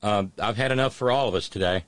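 Halting, consoling middle-aged man host. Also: lowish voice, a loud crowd. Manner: halting, many restarts, calm and consoling. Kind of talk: emotional live show talk.

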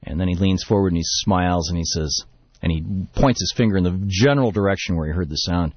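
A man's voice: low-pitched, quick pace, breathy edge, dry recording, dull audio. A man hosting a radio talk show, telling a long story and then ranting emphatically about politics. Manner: rambling storyteller, building to emphatic rant. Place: radio studio.

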